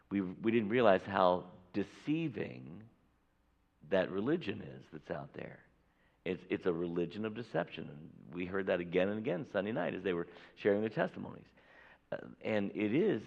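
Deep-voiced preacher in an echoey hall. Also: male voice, gravelly. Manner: emphatic preaching, acting out Bible dialogue. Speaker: pastor. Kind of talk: sermon. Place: church sanctuary. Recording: echoey hall, dull lo-fi audio.

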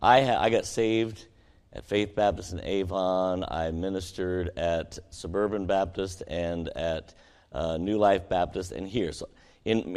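A man preaching a sermon to his congregation, asking them questions and swinging between emphatic peaks and quiet conversational asides. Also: deep voice. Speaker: pastor. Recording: long hall reverb.

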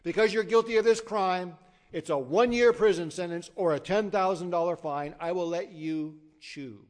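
A stern judge speaks from the bench, firm and commanding, his voice sitting a little high. A man plays him within a sermon story, pushing the words out loud. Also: moderate pace, lightly acted. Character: stern male judge in court.

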